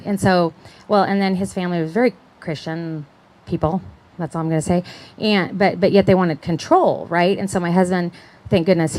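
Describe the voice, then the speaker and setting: A middle-aged woman gives a personal testimony talk as a conference speaker, chatting along, acting out the voices of people she quotes, and often checking in with "right?". Her voice is mid-range and a little mellow, and the recording quality is low.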